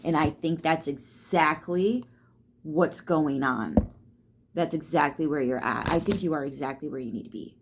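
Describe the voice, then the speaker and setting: Low-voiced woman giving a casual tarot reading. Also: steady tone, measured pace. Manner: loose and chatty, swears freely, lots of fillers; reassuring, speaks straight to the listener. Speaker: tarot reader.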